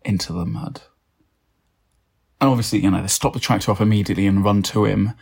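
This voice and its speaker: A man's voice: lowish voice, fairly even intonation, fast talker, vocal fry, darkish tone, husky. A man improvising a comic story, rambling with lots of fillers and restarts.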